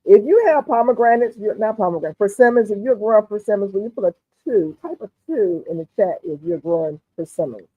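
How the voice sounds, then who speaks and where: A woman with a Southern US accent hosting a casual livestream chat, relaxed and talkative, often murmuring "mm-hmm" and reading comments aloud. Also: mid-range voice, fairly quick, hardly any pauses, husky, dry recording. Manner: relaxed, chatty, frequent "mm-hmm". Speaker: livestream host. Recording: dry, phone-like narrow sound.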